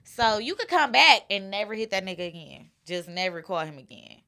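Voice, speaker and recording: A woman telling raunchy stories in casual chat, loud and animated, acting out the people in them. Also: medium pitch, a little fast, creaky. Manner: loud, animated, acts out voices in her stories.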